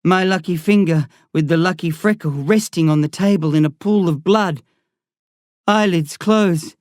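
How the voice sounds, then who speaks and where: A woman reading a first-person story as an audiobook narrator, in a slow, tense, dramatic way. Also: fairly low pitch, darkish tone, no echo, studio quality.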